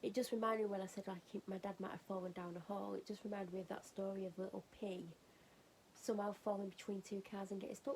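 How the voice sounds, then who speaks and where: Chatty woman with a gravelly edge. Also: medium pitch, level tone, quick pace, a little mellow, slight background noise, low-quality recording. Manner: chatty, rambling, laughing at her own story. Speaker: vlogger. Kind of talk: casual chatty storytelling. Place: at home getting ready for bed.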